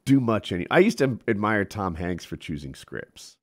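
Wry man with a lively swinging voice. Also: on the low side, moderate pace, no room sound, studio quality. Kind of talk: casual chat.

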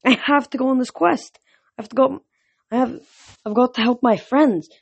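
A woman's voice: medium pitch, very animated, fast talker, breathy edge. A woman voicing a defiant teenage boy hero who talks in an earnest, pleading way. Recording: dull lo-fi recording.

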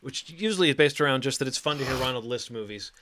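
A man hosting a podcast in casual chat, announcing segments in a wry, quick way from a home mic. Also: mid-range voice, animated, pushed and bright, slight background noise. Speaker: podcast host.

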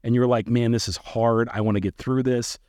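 A man's voice: mid-range voice, steady tone, a little fast, darkish tone, clean tone, dry recording, studio quality. A man hosting a casual podcast interview, asking probing questions with playful teasing and stammering restarts. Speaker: podcast host.

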